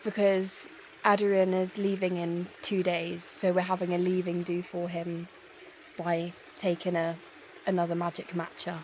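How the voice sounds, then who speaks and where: A woman's voice: fairly low pitch, completely flat delivery, measured pace, a little mellow, a little hiss or hum, rough recording. A woman in her twenties with a Northern English accent, chatting casually and upbeat as a travel vlogger outdoors, talking to a handheld camera. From England. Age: 20s. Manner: chatty, upbeat, laughs often. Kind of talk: casual vlog chat. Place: outdoors in Thai countryside.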